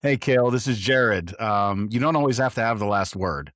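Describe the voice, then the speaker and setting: A man's voice: lowish voice, lively intonation, normal speed, a bit bright, no echo, clean studio sound. A man co-hosting a podcast, bantering in a wry, joking way. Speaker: podcast co-host.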